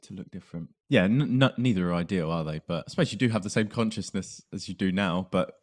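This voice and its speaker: A man's voice: sits low, quick pace. A man with a southern English accent hosting a podcast in casual chat, laughing often. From south of England. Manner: laughs often, puts on silly voices. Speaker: podcast host.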